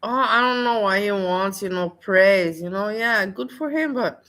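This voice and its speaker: A woman's voice: medium pitch, unhurried, fairly bright tone. A woman in casual chat, gossiping scornfully about other people.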